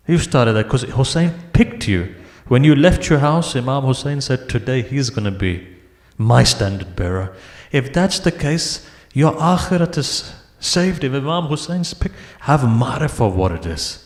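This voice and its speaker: A man's voice: medium pitch, darkish tone. A man giving an emotional mourning sermon at a majlis, building up to impassioned wailing. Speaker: majlis speaker. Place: large prayer hall. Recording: echoey hall.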